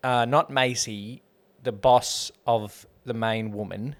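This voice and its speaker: A man's voice: mid-range voice, steady tone. A man co-hosting a podcast, chatting casually and joking as he rates a film. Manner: joking, rambling, quick to laugh. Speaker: podcast co-host. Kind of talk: casual chat.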